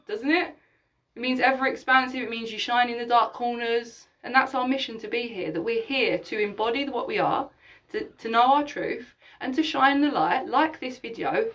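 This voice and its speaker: High-voiced woman preaching from the mic. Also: fairly bright tone, recorded from a distance, rough recording. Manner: emphatic and preachy, swears casually, acts out imagined dialogues. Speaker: spiritual teacher hosting a live session. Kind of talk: live-streamed spiritual talk.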